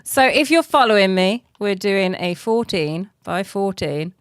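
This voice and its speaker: Slow-talking chatty British mum streamer. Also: female voice, mid-range voice, lively intonation, clean tone, no echo. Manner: chatty and self-mocking, laughs often, counts under her breath. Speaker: game streamer. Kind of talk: casual live-stream chat while playing.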